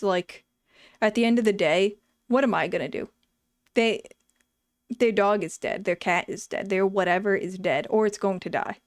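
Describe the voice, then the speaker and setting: A medium-pitched woman, a streamer who used to work at a vet clinic, reads chat and swaps candid, profanity-laced stories from those days in a relaxed storytelling chat. She tells them with animation, and the audio is studio quality with no room sound.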